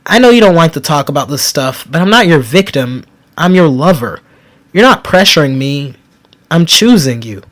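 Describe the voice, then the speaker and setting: A man reading an audiobook voices a confident young woman officer who speaks gently and reassuringly to her lover. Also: fairly high pitch, very animated, normal speed. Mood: tender.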